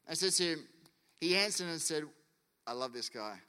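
Bright-voiced pastor in a reverberant hall. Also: male voice, fairly high pitch, brisk, smooth. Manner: casual, conversational preaching with acted-out quotes. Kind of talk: sermon.

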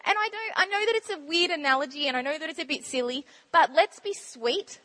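A woman giving an informal, chatty sermon talk in a church, bubbly and quick to laugh. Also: high-pitched, lively intonation, pushed and bright. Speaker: church speaker sharing testimony.

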